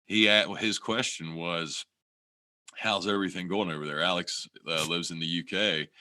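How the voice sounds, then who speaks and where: Deep-voiced man rambling on a podcast. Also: steady tone, normal speed, sharp tone, dry recording, studio quality. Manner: rambling, swears a lot, restarts often. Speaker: podcast co-host. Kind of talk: casual chat.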